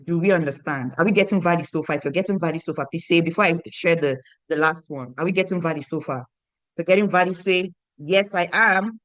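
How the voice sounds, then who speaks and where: A woman's voice: low-pitched, fast, dry recording. Nigerian woman, 30s, motivational team coach; emphatic, repetitive, quizzes the audience, dry close-mic read. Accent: Nigerian English. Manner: emphatic, repeats lines for stress, asks the audience questions. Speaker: business team leader coaching her downline. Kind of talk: motivational online training talk.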